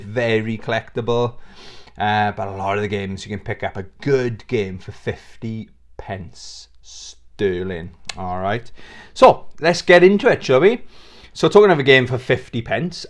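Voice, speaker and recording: A man's voice: medium pitch, clear, resonant tone. A British man hosting a casual video channel, rambling and joking at his own expense into a plugged-in microphone. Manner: rambling, jokey, self-mocking. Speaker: YouTube host. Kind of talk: casual vlog chat.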